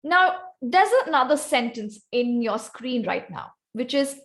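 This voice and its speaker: In a slightly high, sing-song voice that's a bit bright and a little slow, a guest speaker instructs an online club meeting on vocal variety. She delivers the talk by video call and calls on members by name.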